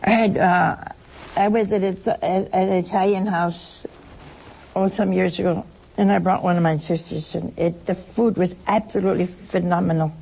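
A woman's voice: lowish voice, fairly even intonation, moderate pace, vocal fry, darkish tone, breathy edge, rough recording. A woman giving a chatty spiritual talk to listeners, full of anecdotes and chuckling asides. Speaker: religious speaker.

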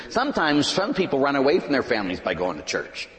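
A man preaching a sermon as a pastor, swinging between loud emphatic lines and hushed asides. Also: medium pitch, wildly swooping pitch, fast talker. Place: large church. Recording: long church reverb.

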